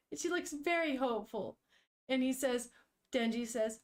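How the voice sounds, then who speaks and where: A young woman streaming to her chat, reading a manga aloud and reacting in a chatty, animated way with casual swearing. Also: high-pitched, normal speed.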